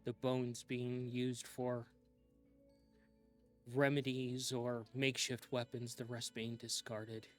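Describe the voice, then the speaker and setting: Slow-spoken man narrating a tabletop game. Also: medium pitch, flat delivery, soft background music. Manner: slow, hushed, drawn-out storytelling. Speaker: game master.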